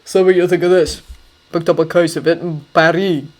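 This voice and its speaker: Woman voicing a gruff, cussing army sergeant. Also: lowish voice, fairly even intonation, brisk, natural voice. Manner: blunt, swears constantly. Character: gruff hard-drinking male army master sergeant. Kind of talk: audiobook character voice.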